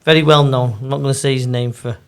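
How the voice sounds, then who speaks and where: A man, a football agent chatting in an interview, telling animated stories. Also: mid-range voice, fast talker, clear, resonant tone. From Manchester, England. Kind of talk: casual storytelling interview.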